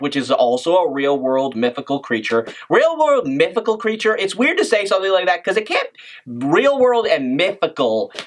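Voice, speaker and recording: A man's voice: fairly high pitch, a bit bright. Rambling, enthusiastic man reacting. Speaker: reaction video host. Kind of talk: casual reaction commentary.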